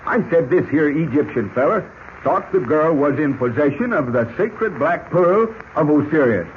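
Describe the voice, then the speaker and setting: An actor playing a folksy old cowboy prospector who talks in a stubborn Western drawl full of rustic slang, in 1940s radio acting style. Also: male voice, a little high, lively intonation, normal speed, lightly acted. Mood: wary. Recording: dull lo-fi old radio recording with hiss.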